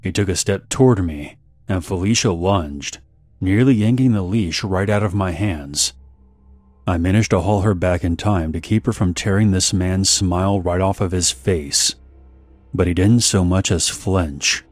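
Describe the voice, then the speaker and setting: A man narrating a scripted horror story in a measured, steady storytelling manner. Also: deep voice, no echo, faint music behind.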